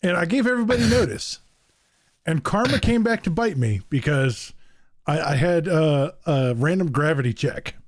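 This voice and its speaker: A man's voice: fairly high pitch, expressive, normal speed, a little hiss or hum. A man hosting a casual podcast chat, telling stories with frequent laughs and fillers. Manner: laughs often, tells stories with many fillers. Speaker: podcast host.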